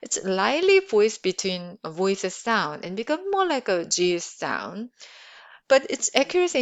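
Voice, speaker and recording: A woman's voice: medium pitch, very animated, moderate pace, vocal fry. A woman teaching pronunciation, patiently repeating syllables for practice. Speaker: Korean language teacher. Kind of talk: pronunciation lesson.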